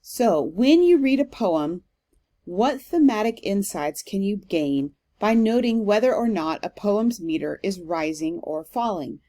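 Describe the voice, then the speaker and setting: Woman, literature instructor, recorded lecture, mid-pitched, patient and explanatory. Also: unhurried. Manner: explanatory, steady, with frequent ums.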